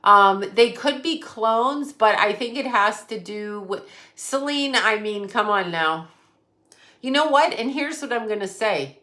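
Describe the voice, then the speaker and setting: Bright-voiced woman chatting on a livestream. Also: medium pitch, animated, unhurried. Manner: profane, rambling, talks straight to chat. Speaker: psychic medium livestream host. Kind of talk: casual livestream chat with viewers.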